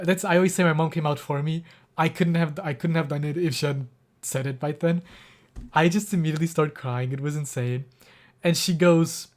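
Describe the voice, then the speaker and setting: Young man telling a story, emotional. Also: fairly high pitch. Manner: rambling, emotional, with many fillers and restarts. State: close to tears. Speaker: streamer. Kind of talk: casual livestream storytelling.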